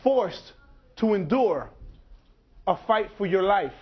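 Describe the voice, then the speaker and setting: A man in his forties giving a public lecture, speaking in measured phrases with dramatic pauses. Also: high voice, animated. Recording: dull lo-fi lecture recording.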